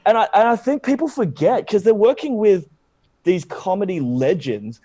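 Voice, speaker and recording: A man with an Australian accent, a guest actor telling a story in casual chat, jumping into higher voices when he quotes people. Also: moderate pace, dry recording. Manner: animated, acts out quotes in a higher voice.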